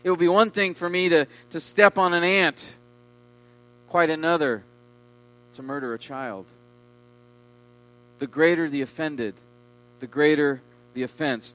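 A man preaching a sermon with emphasis, his voice swelling loud on key words and dropping low. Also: measured pace, long pauses, no room sound, rough recording. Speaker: pastor.

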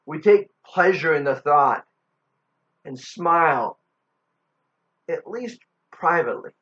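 A man preaching a sermon, telling a Bible story with dramatic pauses and strong emphasis. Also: a little high, lively intonation, a bit bright. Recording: dull lo-fi recording.

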